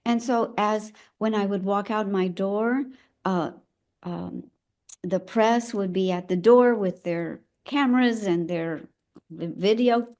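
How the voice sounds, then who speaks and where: An older woman, an elder midwife, telling her own story in a conversation, reflective and halting as she searches for her words. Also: mid-range voice, darkish tone.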